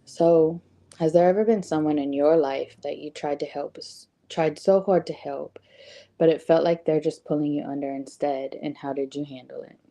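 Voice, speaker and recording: A woman's voice: low voice, warm tone. A woman giving a casual motivational talk, conversational, with frequent ums and rhetorical "right?" questions. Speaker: host.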